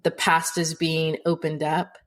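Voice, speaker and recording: Low-voiced supportive woman co-host. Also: flat delivery, unhurried. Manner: thoughtful, supportive. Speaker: podcast co-host. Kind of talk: casual chat.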